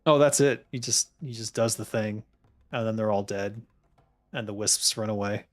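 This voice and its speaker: A man who designs games streams himself playing, offering casual commentary in a fairly low voice at normal speed. He laughs often and pokes fun at himself along the way.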